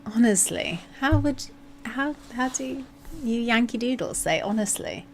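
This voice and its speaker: A woman's voice: high-pitched, steady tone, measured pace, a little hiss or hum. A woman with a southern English accent chatting casually while she codes on a livestream, playful and joking. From England. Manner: playful, chatty, slips into silly voices and jokes. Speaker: software developer streaming her coding.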